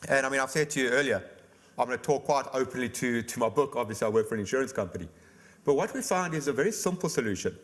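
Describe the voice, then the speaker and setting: A middle-aged man, an insurance expert, explaining estate planning in a brisk interview. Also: mid-range voice, expressive, fairly bright tone. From South Africa. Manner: brisk, explanatory, rapid-fire examples. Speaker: insurance company expert guest. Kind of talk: virtual conference interview.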